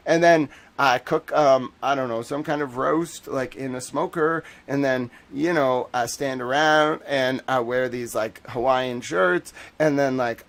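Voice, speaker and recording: Rambling, joking livestream host. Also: male voice, mid-range voice. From northern United States. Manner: joking, rambling, laughs often. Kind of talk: casual livestream chat.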